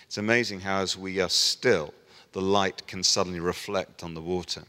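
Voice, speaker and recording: A middle-aged man preaching a sermon as a pastor, telling stories and lively acting out the people he quotes. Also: low-pitched, normal speed. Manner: storytelling, animated voicing of quoted people. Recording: long hall reverb.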